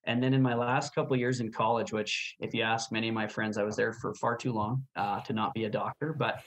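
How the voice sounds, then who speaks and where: A man in his thirties from Canada, a rodeo announcer telling his story as a guest in a casual interview, chatty and animated with easy laughs. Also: lowish voice, fairly quick.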